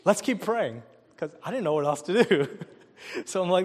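This sermon comes from a preacher whose voice runs on the high side and brisk, sharing a personal story with lively delivery. He poses questions to the crowd and chuckles often, all echoing with long hall reverb.

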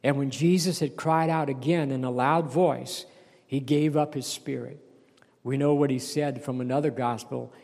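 Gravelly-voiced man preaching a sermon. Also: fairly high pitch, a little mellow, big-room sound. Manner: reads scripture aloud then explains it, with restarts and calls of "Amen?". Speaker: pastor.

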